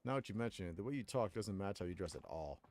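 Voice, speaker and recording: A man voicing a stern male yakuza brawler in a game, speaking bluntly and deadpan. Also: deep voice, quick pace, soft background music.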